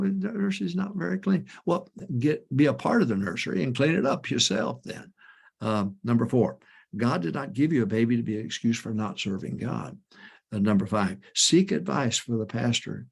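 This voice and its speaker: A man's voice: medium pitch, creaky, husky. An older man, a pastor, giving folksy advice to church couples in an emphatic way, repeating his warnings and telling homespun stories. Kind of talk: folksy ministry advice talk.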